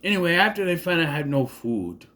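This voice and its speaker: A man's voice: fairly high pitch, big pitch swings, quick pace, a bit bright, a little hiss or hum. A man giving a casual, rambling movie commentary, sarcastic and often cutting himself off. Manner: rambling, sarcastic, self-interrupting. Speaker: movie reviewer.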